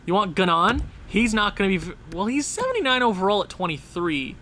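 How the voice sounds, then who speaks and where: A man giving casual, excitable gameplay commentary, talking straight to the game as he plays. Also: high voice, a little fast, slight background noise. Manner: excitable, talks to the game and players. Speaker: gaming channel host.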